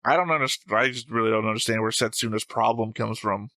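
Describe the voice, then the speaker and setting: A man's voice: on the low side, brisk, sharp tone, no echo. A man co-hosting an anime reaction show in casual, joking chat, explaining his reasoning at length.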